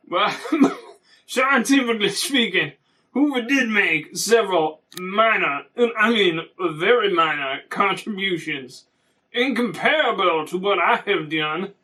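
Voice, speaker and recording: Man doing a high sing-song pompous doctor, slow drawl, sneering, mockumentary. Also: expressive, sharp tone, distant mic, exaggerated voice. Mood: scornful. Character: pompous rival male scientist Doctor Barnaby. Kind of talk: mockumentary interview.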